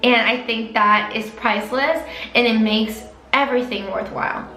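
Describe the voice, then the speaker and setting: Young female vet-student vlogger, higher voice, chatty and emotional, roomy echo. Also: normal speed, bright, forceful tone, soft background music. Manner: emotional, openly tearful at times; chatty with many likes and restarts. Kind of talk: personal vlog talking to camera.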